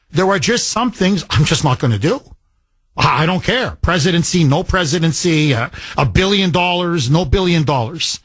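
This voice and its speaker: A man's voice: sits high, fairly bright tone, slightly rough, no echo. A man hosting a political talk radio show, speaking in a heated, emphatic way and driving his points home with repetition.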